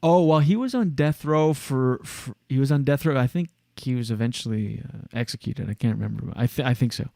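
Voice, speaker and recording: A man's voice: mid-range voice, brisk, gravelly, hardly any pauses, mellow, no echo. A man hosting a casual podcast chat, telling a long story with lots of fillers. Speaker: show host.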